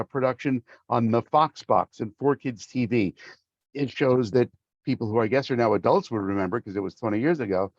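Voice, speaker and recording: A middle-aged man telling his stories as a guest on an interview show, playing out the other voices in them with some gusto. His sound is dry and a little dull. The pitch sits mid-range. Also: dry recording. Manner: animated storyteller acting out quoted voices. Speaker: voice actor guest. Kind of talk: casual interview storytelling.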